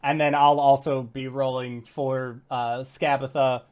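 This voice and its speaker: A man narrating as game master of a tabletop game, with animated bursts of shouted character lines. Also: mid-range voice, measured pace, clean tone.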